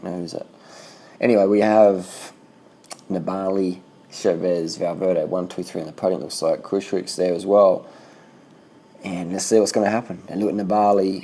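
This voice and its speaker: A man giving casual, excitable running commentary over bike race footage, swearing freely and repeating himself. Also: deep voice, slight background noise.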